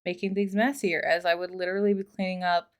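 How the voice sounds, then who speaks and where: A woman's voice: on the low side, level tone, fast. A woman reading online posts aloud and commenting on them in a chatty way. She talks casually, trails off into asides and swears freely.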